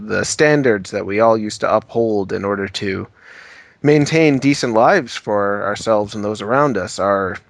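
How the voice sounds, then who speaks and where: Male podcast host; low-ish voice, dry recording, mock-serious rambles. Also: vocal fry, dry recording. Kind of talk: casual comedic chat.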